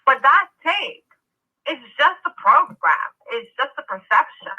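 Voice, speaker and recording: A woman speaks over a tinny, narrow phone line in a fairly high voice. She is a guest coach on a radio talk show and tells her stories with animated delivery, acting out the voices she quotes. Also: unhurried. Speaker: guest, emotional intelligence coach. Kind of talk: storytelling in a radio interview.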